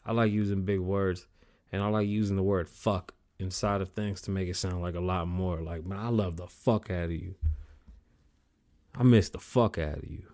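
A man hosting his own show alone, talking in a casual, rambling rant full of swearing, his pitch jumping up when worked up. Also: moderate pace. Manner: profane, rambling, animated swings in pitch. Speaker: podcast host.

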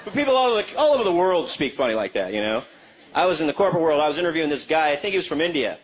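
A middle-aged man performing a stand-up comedy set before a laughing crowd, animated and quick to slip into high mocking voices.

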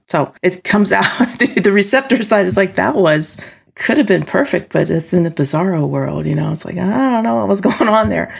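Animated woman with a gravelly edge. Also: lowish voice, fairly quick. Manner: animated, acts out quoted voices, laughs often. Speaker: guest speaker on team dynamics. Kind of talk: conversational explanation.

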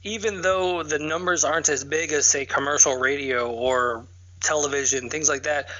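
A fairly high, bright male voice in easygoing podcast chat, agreeable and quick to chime in. The recording sounds dull and lo-fi, a bit muffled. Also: steady tone. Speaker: podcast host.

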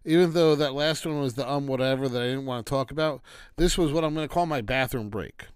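Male reviewer with a smooth, dry voice who rambles and rants, brushing things off casually. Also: medium pitch, quick pace, no room sound. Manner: rambling and dismissive, breaks into rants. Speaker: wrestling show reviewer. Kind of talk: casual solo commentary.

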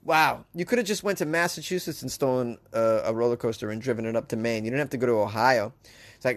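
A man's voice: medium pitch, quick pace. A man hosting comedic news commentary, sarcastic and riffing, often laughing at his own jokes. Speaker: host.

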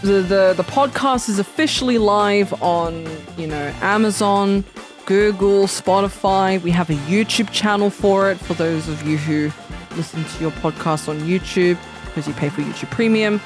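A woman's voice: mid-range voice, normal speed, soft background music. A woman co-hosting a casual podcast, rambling with lots of fillers. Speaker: podcast co-host. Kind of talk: casual chat.

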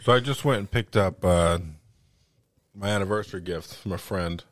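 A man's voice: low-pitched, moderate pace, no room sound, studio quality. A man in a casual podcast chat, telling anecdotes with lots of swearing. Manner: profane, laid-back storyteller. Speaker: podcast guest.

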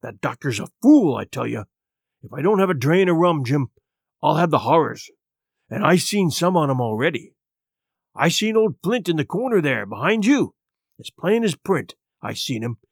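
A man's voice: a little high, very animated, moderate pace, dry recording, studio quality, heavily acted. A man doing a feeble old sea captain. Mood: pleading. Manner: rough seafaring dialect, wheedling. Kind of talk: audiobook character reading.

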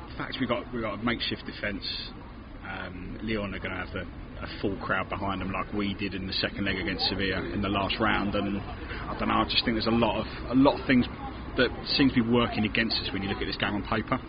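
Low-voiced English man over loud street noise. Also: flat delivery. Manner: measured, hesitant, lots of ums and restarts. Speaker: podcast co-host. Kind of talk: casual chat. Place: outdoors at a city-centre bar. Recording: muffled outdoor recording with loud street noise.

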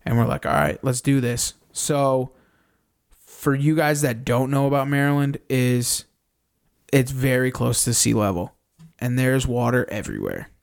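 A young man on a podcast, casually recounting a hunt in animated detail, swearing often and acting out his own reactions. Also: mid-range voice, measured pace, vocal fry. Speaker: podcast co-host. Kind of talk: casual storytelling recap.

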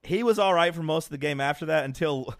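Man, higher voice, casual storytelling, animated, acts out quotes. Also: quick pace, no echo. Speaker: podcast co-host.

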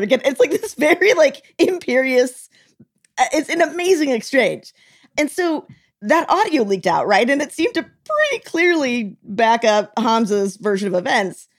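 A woman's voice: high voice, normal speed. Woman telling a story with laughs. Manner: animated storytelling, quoting voices with laughs. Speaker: podcast co-host. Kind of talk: casual podcast chat.

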